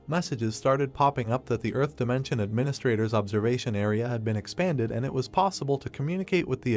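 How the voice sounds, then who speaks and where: A man narrating a story recap from a script, reading at a steady, even pace. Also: mid-range voice.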